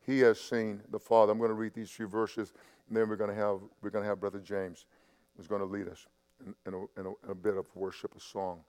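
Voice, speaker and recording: A man preaching a sermon to a church and online audience. He talks conversationally, stammers and repeats himself, and swings from loud emphasis to quiet asides. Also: on the low side, flat delivery, fairly quick. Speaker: pastor. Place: church sanctuary. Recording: long hall reverb.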